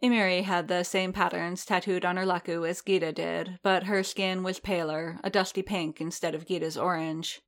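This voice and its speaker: Woman narrating a story, slightly low voice. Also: flat delivery, normal speed, hardly any pauses.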